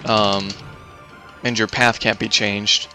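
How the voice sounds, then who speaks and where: Bright-toned man commentating a speedrun. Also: on the low side, flat delivery, takes it slowly, soft background music. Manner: casual, explanatory, many fillers and restarts.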